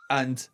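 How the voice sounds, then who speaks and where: A man in his forties, a comedian chatting casually as a guest, acting out quotes with frequent laughs. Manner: animated, acts out quoted voices, frequent "like" and laughter. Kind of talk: casual chat.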